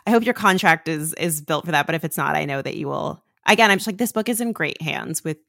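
A woman's voice: sits low, expressive, quick pace, creaky, fairly bright tone, dry recording, clean studio sound. A woman podcast host praising her guest with effusive enthusiasm and casual swearing. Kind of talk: conversational interview.

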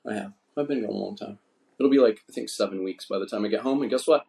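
Gravelly, profane man hosting a podcast. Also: lowish voice, fast, dark tone. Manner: profane, rambling, laid-back. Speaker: podcast host. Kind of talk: casual chat. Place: indoors, drinking wine.

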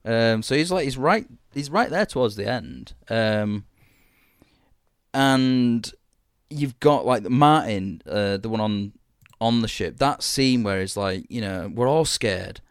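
A man's voice: mid-range voice, expressive, slow pace, clear, resonant tone, no room sound, studio quality. A man, chatting casually and enthusiastically about a TV series as podcast co-host, rambling and swearing freely.

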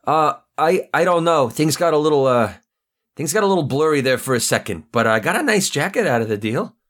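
A man's voice: animated, a little fast, a bit bright. A man voicing a jittery young henchman who stammers nervously. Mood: nervous, stammering. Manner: stammering, nervous, high and squeaky.

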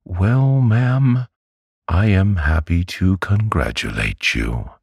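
A man voicing a timid, mild male doctor who speaks meekly and softly, for a storybook reading. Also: sits low, expressive, slow, vocal fry, breathy edge, no room sound, studio quality, pitched above the performer's own voice, full character voice. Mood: meek soothing. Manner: meek and soft-spoken. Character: meek, timid male country doctor, mild and soft-spoken.

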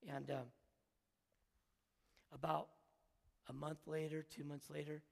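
A man with a gravelly, husky voice tells a story from the pulpit, earnest and emotional, often stopping to restart his thoughts. His voice sits a little high and carries a long reverb from a church sanctuary. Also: little pitch movement, slow. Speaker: preacher. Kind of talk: sermon storytelling.

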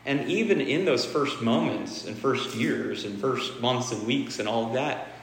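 A man's voice: mid-range voice, expressive, measured pace, vocal fry, a little hiss or hum. A man giving a casual, candid dharma talk, swearing freely and repeating phrases for emphasis. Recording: echoey hall with faint ambience.

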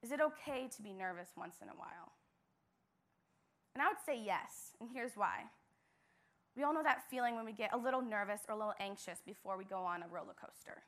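A woman's voice: mid-range voice, animated, brisk, fairly bright tone. A young woman, a church intern, giving an earnest devotional message with emphatic repetition.

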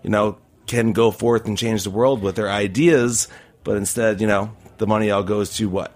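A man's voice: lowish voice, fairly even intonation, moderate pace, darkish tone. A man who coaches speech and debate, talking casually on a radio show with lots of fillers. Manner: rambling with many fillers.

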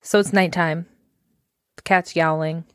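A woman in a casual podcast chat, recapping scenes and quickly acting out the characters' lines. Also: sits low, steady tone, no room sound, studio quality. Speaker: podcast co-host.

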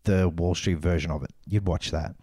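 A man co-hosting a podcast in casual chat, swearing freely and laughing through animated asides. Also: low voice, brisk, slightly rough, dry recording, clean studio sound. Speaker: podcast co-host.

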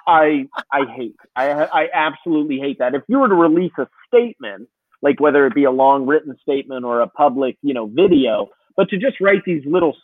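Podcast co-host, man, opinionated and profane, husky voice on a tinny phone-like line. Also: fairly high pitch, no room sound. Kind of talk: casual sports podcast chat.

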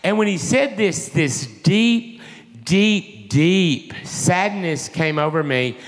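A man preaching a sermon, telling an emotional story in an animated way. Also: sits high, takes it slowly, big-room sound. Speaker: pastor.

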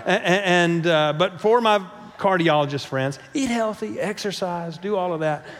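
A middle-aged male pastor with a high voice preaches to his church, building to emphatic peaks and tossing in rhetorical "right?" checks. He often stumbles and repeats words as he starts a phrase. His voice carries a long reverb from the large sanctuary. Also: normal speed, fairly bright tone. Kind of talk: sermon.

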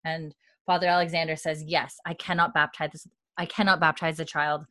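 A woman co-hosting a podcast, casually retelling a TV episode, scattering likes and ums and quoting lines quietly. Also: sits low, level tone, fairly quick, dry recording. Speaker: podcast co-host recapping a TV episode. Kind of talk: casual recap chat.

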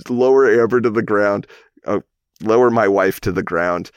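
A man's voice: mid-range voice, normal speed, no echo, studio quality. A man in his thirties casually telling a long personal story on a podcast, rambling and correcting himself as he goes. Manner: rambling, self-correcting, chuckles while telling.

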